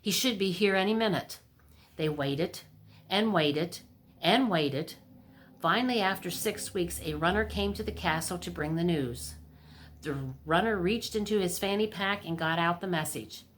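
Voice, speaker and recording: A woman reading a storybook aloud for a library storytime, lively and expressive. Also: fairly low pitch, measured pace.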